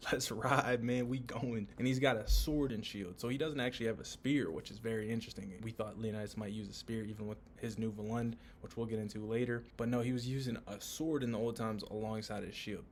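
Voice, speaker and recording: A young man talks through a comic chapter in loose, slangy commentary, swearing freely as he gets excited. His voice is on the low side and stays fairly level. A faint hum sits behind him. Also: fairly quick, hardly any pauses. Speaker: manga recap YouTuber. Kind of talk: casual commentary.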